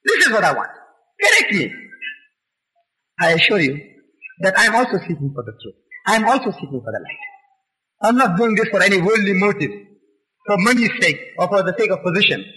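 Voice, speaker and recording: A man's voice: high-pitched, big pitch swings, quick pace, pushed and bright, rough recording. A man giving an impassioned religious lecture, emphatic and rhetorical, pressing his listeners with questions.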